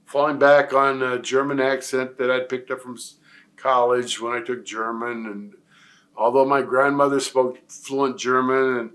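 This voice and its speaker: A man's voice: mid-range voice, level tone, a little slow, fairly bright tone. An older man from Nebraska telling long stories in a career interview, rambling with many fillers and restarts. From Nebraska, USA. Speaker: retired pro wrestler, guest.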